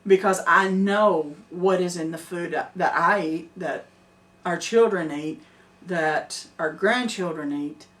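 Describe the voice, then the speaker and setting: An earnest older woman from Middle Tennessee, a homesteader, chats casually off-mic, recorded from a distance. Her voice is fairly low, slow and fairly bright, and she's emphatic and quick to laugh.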